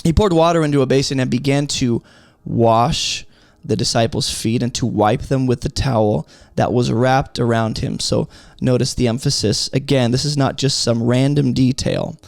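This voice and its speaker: A man's voice: mid-range voice, fairly even intonation, moderate pace, vocal fry, dry recording. A man teaching through a Bible passage in an emphatic, explanatory way, often asking rhetorical questions.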